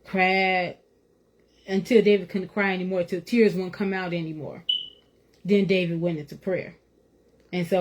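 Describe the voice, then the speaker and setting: A woman's voice: fairly low pitch, fairly even intonation, moderate pace, pauses often, slight background noise. Earnest woman sharing her faith. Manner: conversational, earnest, lots of "you know", laughs now and then. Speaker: speaker sharing faith testimony. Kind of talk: informal faith talk.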